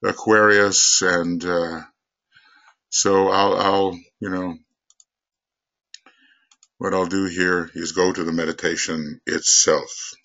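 A man teaching esoteric lore and leading a group meditation, talking quickly and rambling with many fillers. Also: low voice, little pitch movement, fairly bright tone, lo-fi sound. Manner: speaks quickly. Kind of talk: esoteric lecture and guided meditation.

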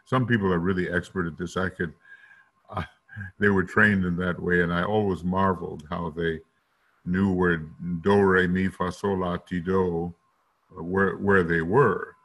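A man giving a slow, deliberate lecture in a rough morning voice, now and then singing note syllables to illustrate. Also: low voice, fairly bright tone. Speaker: teacher.

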